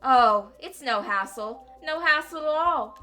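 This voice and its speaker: A woman's voice: sits high, animated, unhurried, pushed and bright, soft background music, full character voice. A woman voicing a vengeful male ex-convict from a game, taunting and sneering with mock sweetness that turns to snarling threats. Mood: menacing. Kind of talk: reading a game aloud with voices.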